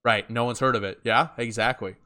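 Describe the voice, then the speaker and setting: A man's voice: medium pitch, steady tone, fairly quick, bright, forceful tone. Young guy goofing off on a podcast, crude jokes, cheap usb mic at home. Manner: joking, loose, crude banter. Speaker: podcast co-host. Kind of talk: casual chat.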